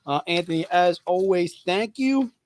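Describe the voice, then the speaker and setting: A man's voice: high-pitched, expressive, normal speed, darkish tone. A man hosting a livestream sale of comic books, repeating prices and codes in an upbeat, joking manner. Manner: upbeat, repetitive hawking, joking asides. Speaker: host selling comic books. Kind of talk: livestream sales pitch.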